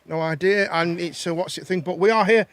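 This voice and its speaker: A man's voice: high voice, a little fast, a bit bright, no echo. A man hosting a live chat show and phone-in, chatty and teasing, and he laughs often. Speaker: host.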